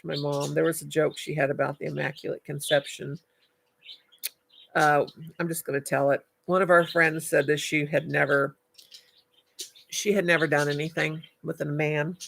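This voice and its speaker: Older woman, gravelly and bright, chatty live-stream host who calls everyone darling. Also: deep voice. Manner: chatty, affectionate, calls viewers darling and honey. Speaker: livestream host. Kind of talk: casual live-stream chat reading comments.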